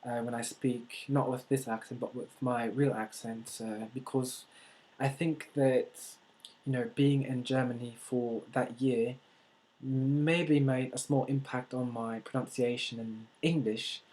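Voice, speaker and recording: A man from the United States talking to camera in a vlog. He speaks in a deliberately unusual put-on accent and pauses often with fillers and restarts. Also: mid-range voice, fairly even intonation, darkish tone, poor audio. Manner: hesitant, with many fillers and restarts. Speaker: vlogger. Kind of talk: casual talk to camera.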